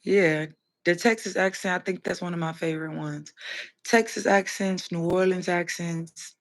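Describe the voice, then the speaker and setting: A woman's voice: lowish voice, fairly even intonation, moderate pace. Blunt woman streamer chatting with viewers. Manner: blunt, opinionated, talks straight to chat. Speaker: livestream host. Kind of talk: casual livestream chat, answering viewers.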